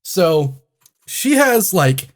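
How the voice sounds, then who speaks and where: A man's voice: high voice, very animated, drawn-out words. Profane, rambling man telling a story. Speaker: podcast co-host. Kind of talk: casual comedic storytelling.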